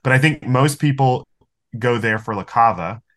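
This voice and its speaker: A man's voice: medium pitch, normal speed, fairly bright tone. A young man co-hosting a podcast, chatty and rambling, laughing easily. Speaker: podcast co-host. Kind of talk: casual podcast chat.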